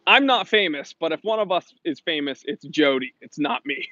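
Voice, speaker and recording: A watch shop owner hosts a live stream, rambling casually through viewer comments with restarts and fillers as he answers chat questions. His voice is a little high, animated and bright, with a forceful tone at a normal pace. The audio is dry, dull lo-fi stream sound.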